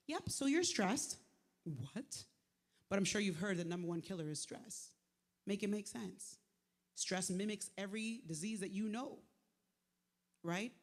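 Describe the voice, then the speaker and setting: A speaker in their forties, giving a live inspirational talk in animated storytelling mode. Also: mid-range voice, long reverb tail. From Montreal, Canada. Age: 40s. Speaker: speaker at a faith event. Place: large venue, live on stage.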